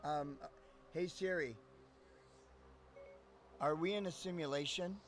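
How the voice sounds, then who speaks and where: A man talking on a live stream in a loose, rambling way, swearing freely and breaking into laughter. His voice sits a bit high for a man. A faint hum of noise hangs behind him. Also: unhurried. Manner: profane, rambling, laughs often. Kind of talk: casual live-stream chat.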